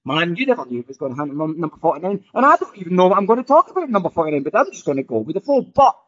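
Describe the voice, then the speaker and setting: A man's voice: on the high side, sing-song, very fast, fairly bright tone, dull audio. A man hosting a solo podcast off the cuff, rambling and often ending sentences with "right?". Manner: rambling, restarts often, tags lines with "right?". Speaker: podcast host.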